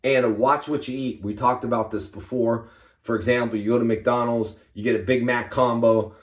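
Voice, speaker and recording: A man, a karate instructor, giving energetic motivational fitness advice to his fans in short, punchy commands. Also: medium pitch, normal speed, roomy sound.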